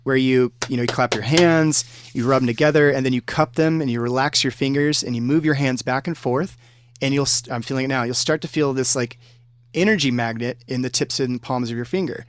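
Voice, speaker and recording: A man who plays music chats as a podcast guest, explaining ideas at length and getting enthusiastic as he rambles. His voice sits at a middle pitch. The recording is dry and close. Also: a little fast, clean tone, dry recording. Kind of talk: casual interview chat.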